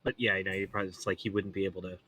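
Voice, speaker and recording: A man's voice: sits low, fairly even intonation, rapid-fire, bright, forceful tone, slightly rough. A man playing in a tabletop game, chatty and joking with the others. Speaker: player. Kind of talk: casual tabletop game talk.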